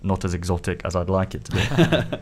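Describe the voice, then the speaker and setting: A man's voice: sits low, lively intonation, brisk, a little mellow. Upbeat man telling stories. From Italy, raised in London. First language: Neapolitan. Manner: chatty, upbeat storytelling. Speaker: guest. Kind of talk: casual radio chat.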